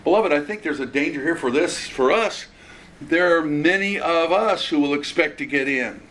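A man preaching an expository sermon in an earnest, conversational way. He restarts phrases as he goes. His voice sits a bit high for a man, and a faint hiss runs underneath. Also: lively intonation, normal speed, a bit bright.

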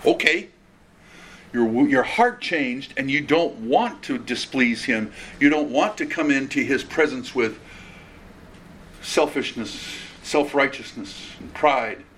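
A man's voice: mid-range voice, animated, slow, fairly bright tone, slight background noise. Earnest conversational male preacher. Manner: earnest, conversational, with restarts and quoted asides. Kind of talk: expository sermon.

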